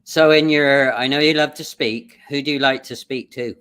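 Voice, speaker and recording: A man's voice: medium pitch, fairly even intonation, normal speed, pushed and bright, clear, resonant tone. A man hosting a livestream interview, chatting in an easygoing, encouraging way. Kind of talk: casual interview chat.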